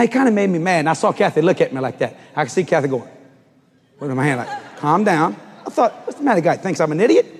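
An older man preaching a storytelling sermon, acting out the voices of the people in his story and rising to shouts at the climax. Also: a little high, slightly rough, big-room sound.

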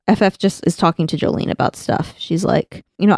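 A woman co-hosting a casual chat, retelling scenes with lively quoted lines. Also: lowish voice, moderate pace, hardly any pauses, no echo, clean studio sound. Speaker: podcast co-host. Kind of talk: casual chat recapping an anime.

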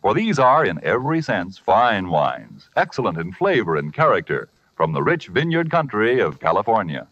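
A man announcing a scripted radio advertisement in a smooth, persuasive way. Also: on the low side, a bit bright, no room sound. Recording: dull old radio recording.

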